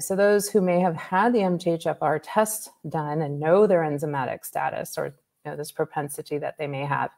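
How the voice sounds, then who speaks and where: A woman naturopathic doctor, a guest on an interview, explaining health topics in a lively way with examples and asides. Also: sits low, creaky. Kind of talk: conversational expert explanation.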